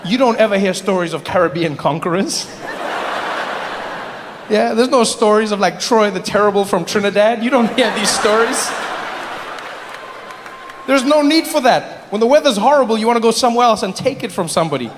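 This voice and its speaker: Male stand-up comic, animated storyteller, high-pitched, long hall reverb. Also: normal speed, pauses often, noisy background. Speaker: stand-up comedian. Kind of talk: stand-up comedy. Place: large indoor comedy venue.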